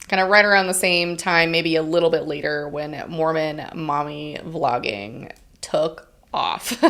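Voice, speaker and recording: Casting: lower-voiced woman, podcast co-host, gravelly and conversational. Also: a bit bright. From Utah, United States. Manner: chatty, frequent "um" and "like". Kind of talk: casual chat, reading from an article.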